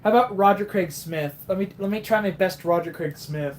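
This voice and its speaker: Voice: mid-range voice, fairly quick, hardly any pauses, slight background noise. A streamer chatting casually on a live stream, joking and swearing between character voices. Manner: joking, profane, laughs often.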